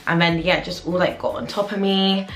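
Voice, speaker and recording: A woman's voice: fairly low pitch, fairly even intonation, moderate pace. A young woman, a junior doctor chatting candidly to camera in a casual vlog, with lots of "like". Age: 20s. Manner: candid, chatty, heavy use of "like". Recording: roomy echo with faint music.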